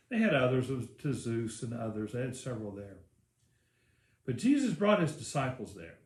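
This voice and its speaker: A man's voice: mid-range voice, a little mellow. A male pastor preaching a sermon, telling the story in a casual, rambling way with many fillers. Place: church. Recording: echoey church room.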